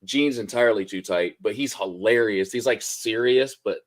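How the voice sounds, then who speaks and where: A man hosting a casual live-stream chat, talking in an upbeat, rambling way with many pauses and fillers. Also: on the low side. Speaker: host.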